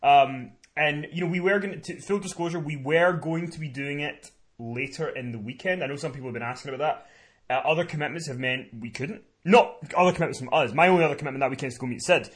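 Telling a story in casual chat, this podcast co-host, who also promotes events, speaks fast with a fairly high-pitched male voice. He comes across as a chatty, animated storyteller.

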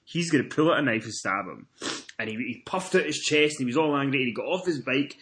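A Scottish man with a medium-pitched, slightly bright voice talks fast as he hosts a relaxed wrestling podcast. He tells stories chattily, swears freely, and acts out what people said.

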